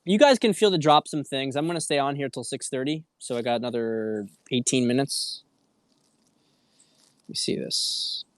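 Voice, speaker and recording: A man in the middle pitch range talks straight to his livestream audience as a dating coach. He is earnest and a little preachy, often restarting his sentences. The sound is dry and close, with no room echo. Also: fairly quick, hardly any pauses. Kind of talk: livestream talk.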